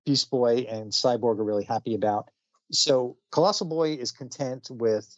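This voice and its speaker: A man co-hosting a podcast casually retells a comic book story, chatty and full of fillers, laughing often. His voice is mid-range, and the recording sounds dry and muffled.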